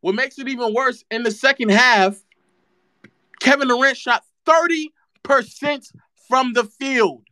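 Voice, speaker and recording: A man's voice: extremely high pitch, a little slow, pushed and bright, smooth, dry recording, studio quality. Sarcastic man ranting about basketball. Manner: sarcastic and mocking, repeats phrases for effect. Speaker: streamer.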